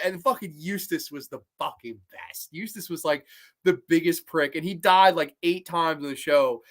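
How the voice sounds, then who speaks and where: A man hosting a live-streamed horror show, chatting casually, rambling, animated, and swearing freely. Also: on the high side, moderate pace.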